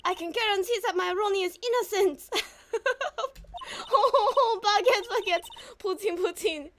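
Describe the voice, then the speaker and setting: A woman doing a flirty, doting French wife in a courtroom game, with a put-on French accent. She sounds bright and high, with a loud, theatrical sing-song lilt. It is slow and drawn out. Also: a little hiss or hum.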